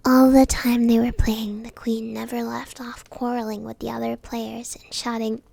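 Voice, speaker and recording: High, husky whispering woman storyteller. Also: level tone, normal speed, dry recording. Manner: soft unvoiced whispering. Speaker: streamer reading a bedtime story. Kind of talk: whispered role-play.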